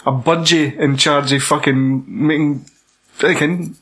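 A man's voice: on the high side, fairly even intonation, a bit bright, husky. A man with a Scottish accent, chatting casually and swearing while reviewing a film with a friend. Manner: slow, sweary, laughing. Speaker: podcast co-host.

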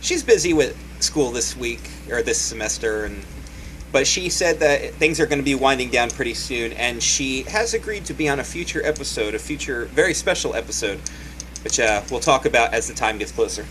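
A man's voice: medium pitch, animated, moderate pace, fairly bright tone, a little hiss or hum, low-quality recording. A man hosting a casual podcast chat, reading out listener entries with a joking manner. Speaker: podcast host.

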